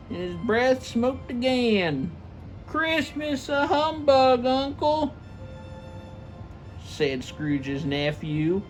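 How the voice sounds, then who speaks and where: A man narrates a classic story in a comedic read, taking it slowly. He trips over words and corrects himself, and faint music plays behind him. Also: very high-pitched, low-quality recording. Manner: slow, stumbling reading with self-corrections.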